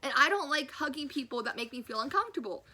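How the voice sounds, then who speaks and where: A woman's voice: high voice, lively intonation, quick pace, sharp tone, a little hiss or hum, low-quality recording. A young woman telling a personal story in a casual vlog, acting out the quotes and laughing often. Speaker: storyteller vlogger.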